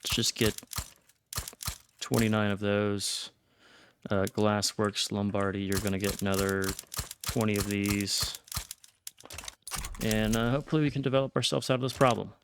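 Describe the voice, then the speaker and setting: A man's voice: lowish voice, steady tone, normal speed, pauses often, background noise. A man giving casual let's-play commentary on a strategy game, thinking aloud and often restarting or trailing off. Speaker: gameplay streamer.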